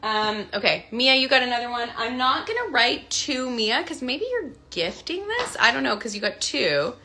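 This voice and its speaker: Canadian woman, 30s, bright and lively, casual stream chatter while she signs prints. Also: a little high, moderate pace. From Canada, part childhood in Scotland. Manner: chatty, bubbly, thinking aloud while signing. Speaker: voice actor signing autographs on a livestream. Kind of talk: casual livestream chat.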